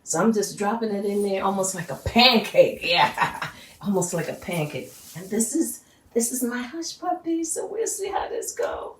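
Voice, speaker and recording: A woman's voice: medium pitch, lively intonation, normal speed, recorded from a distance. A middle-aged woman hosting a home cooking show, talking casually and encouragingly as she cooks and repeating herself often. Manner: sings a church hymn. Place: home kitchen. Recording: roomy echo, voice away from the mic.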